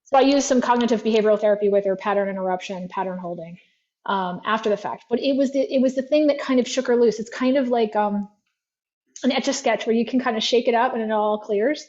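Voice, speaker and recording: Woman guest, higher voice, chatty storyteller full of "like" fillers, dull lo-fi call audio. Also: fast talker, a little mellow. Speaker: guest therapy practitioner. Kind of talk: conversational storytelling.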